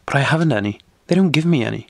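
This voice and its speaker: A man's voice: mid-range voice, expressive, very fast, creaky, no echo, pitched above the performer's own voice. A man voicing a frightened young schoolboy who pleads nervously, in an audiobook reading. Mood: pleading.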